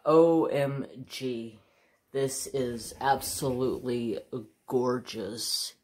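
A woman's voice: a bass voice, very slow, darkish tone. A woman hosting a casual craft-channel unboxing vlog at home. She gushes and exclaims again and again, and talks to her dog between remarks. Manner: gushing, exclaims over and over; chats to her dog while talking.

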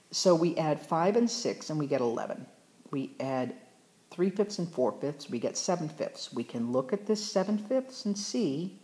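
A woman's voice: low-pitched, a little mellow. A woman teacher explaining fractions in a chatty, encouraging way, often correcting herself mid-sentence. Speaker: math teacher. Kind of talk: recorded math lesson.

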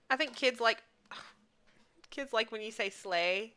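A woman's voice: mid-range voice, slow, pauses often, sharp tone, faint music behind. A woman streamer giving casual commentary on her gameplay, playful and full of slang, teasing other players and laughing often. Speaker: gaming streamer.

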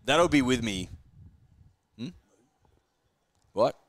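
A man's voice: medium pitch, animated, no room sound. A young man chatting crudely and jumping in with stories. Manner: crude, chatty, quick to jump in. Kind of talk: casual storytelling chat.

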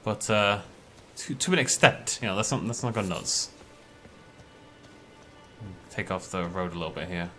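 Man, gameplay commentary, lively swinging pitch, bright voice, yelps and chats to enemies, faint music behind. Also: moderate pace, pauses often. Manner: chatty, talks to enemies, jumpy outbursts. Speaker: let's play gamer.

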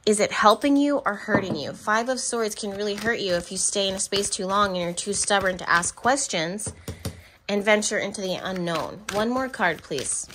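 A woman's voice: medium pitch, normal speed, background noise. A woman giving a pick-a-card tarot reading, chatty and affectionate, speaking straight to her viewers and laughing between remarks. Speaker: tarot reader.

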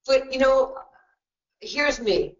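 A high-pitched woman with a New York accent, a basketball coach, speaks in a webinar, blunt and joking as she rapidly tells stories full of asides. The audio is dull, lo-fi webinar sound.

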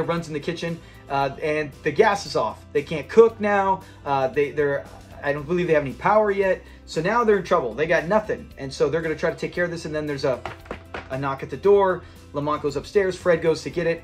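A man hosting a casual episode review, chatty and rambling, laughing as he retells scenes. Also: on the high side. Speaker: channel host reviewing a sitcom episode.

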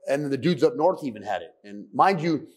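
A man from California, a podcast guest, telling his story candidly in a soft-spoken, profane, reflective way. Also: mid-range voice, lively intonation, brisk, husky. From San Fernando Valley, California.

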